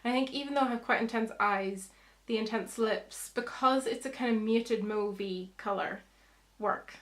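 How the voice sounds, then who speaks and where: A woman's voice: on the high side, normal speed. A young woman, chatting through a makeup tutorial as a beauty vlogger, explaining each step.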